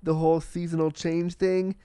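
Profane excitable podcast host man. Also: fairly high pitch, normal speed, clean tone, dry recording, clean studio sound. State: slight cold. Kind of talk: casual solo podcast monologue.

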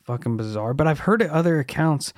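Man reacting in quick casual chat. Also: on the high side, lively intonation, no room sound, studio quality. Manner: reacts and muses in quick, loose, profane talk. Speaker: podcast co-host.

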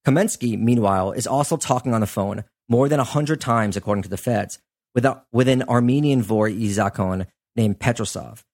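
A man's voice: mid-range voice, normal speed, a little mellow. Chatty male podcast host telling a story. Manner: conversational, chatty, lots of "like" and "you know" asides. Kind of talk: casual storytelling chat.

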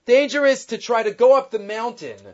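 A man with a notably high voice gives a Torah class, rattling off Hebrew quotations and then breaking them down in animated English. His delivery speeds up and leans on emphasis. The recording sounds somewhat dull and lo-fi. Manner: quick, animated, mixing Hebrew quotes with English explanation. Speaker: Torah teacher.

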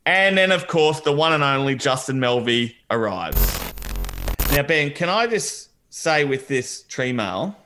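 A man's voice: medium pitch, big pitch swings, measured pace, bright, forceful tone, a little hiss or hum. A man co-hosting a podcast, chatting casually through a reality show recap and laughing as he retells scenes. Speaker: podcast co-host.

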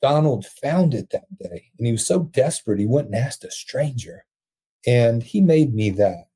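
Earnest man with a dark, husky voice. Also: medium pitch, expressive, normal speed. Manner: earnest, emotional storyteller who laughs often. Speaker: podcast guest, prison ministry founder. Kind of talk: storytelling in conversation.

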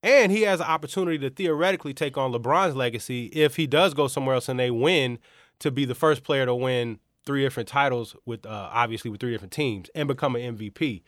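A man with a mid-pitched voice talks sports in a casual, rambling way, restarting as he goes. The sound is dry and close. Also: fast, fairly bright tone, no room sound. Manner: rambling, restarts, loose and joking. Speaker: sports talk co-host.

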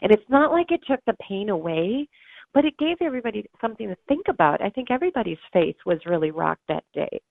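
A woman's voice: mid-range voice, very animated, fast talker, creaky, dry recording. A middle-aged woman, a guest and author, telling an emotional story in an interview, earnest and acting out the voices of others. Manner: earnest, acts out quoted voices, laughs through tears. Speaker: guest, bereaved mother and author. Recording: tinny phone-like line.

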